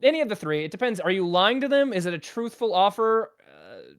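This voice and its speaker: A man's voice: high voice, animated, a little fast, clean tone. A man narrating as game master in a casual tabletop game, rambling with lots of ums and laughs.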